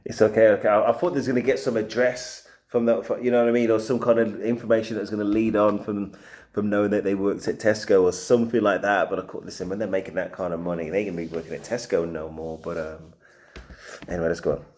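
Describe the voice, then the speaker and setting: A man hosting a reaction video, thinking aloud in casual, slangy talk as he pauses a clip. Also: fairly low pitch, little pitch movement, darkish tone.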